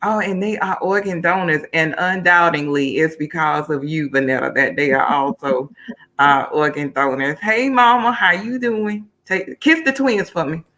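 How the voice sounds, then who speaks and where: An upbeat woman from Miami hosts a livestream talk show. Her voice is bright and ringing, and she keeps things loose and colloquial, calling out to viewers as she goes. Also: sits low, moderate pace. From Miami, Florida. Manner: upbeat, chatty, colloquial, talking to viewers' comments. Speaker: host.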